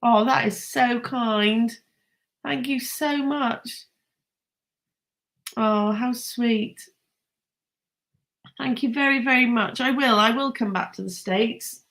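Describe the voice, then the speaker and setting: A woman's voice: a little high, takes it slowly, gravelly, long pauses, a bit bright. Chatty woman, gushing. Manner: chatty, enthusiastic, laughs often. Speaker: host. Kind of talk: casual chat with live viewers.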